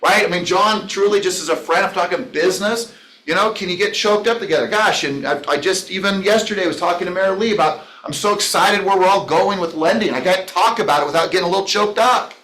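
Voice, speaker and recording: A man's voice: high voice, fast talker, fairly bright tone. A man leading a business training session, talking in an enthusiastic, rambling way and addressing listeners by name. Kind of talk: motivational training talk. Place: training room. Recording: echoey room.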